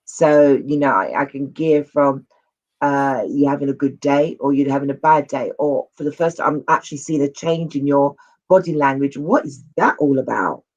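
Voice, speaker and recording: An earnest man talking as an interview guest, rambling and circling back with "you know." His voice is mid-pitched. The sound is dull and lo-fi. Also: normal speed. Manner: earnest, rambling, repeats words and fillers. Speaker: guest, men's mental health advocate. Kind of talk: casual conversational interview. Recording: dull lo-fi audio.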